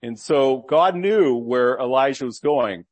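A man's voice: medium pitch, unhurried, darkish tone, no room sound. A man preaching a sermon, reading scripture aloud and explaining it with earnest rhetorical questions.

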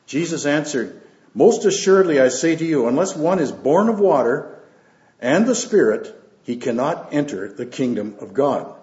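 A man preaching as a pastor and reading scripture aloud, unhurried, with fillers and asides between the verses. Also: a little high, animated, a little mellow. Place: church. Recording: roomy, dull lo-fi church recording.

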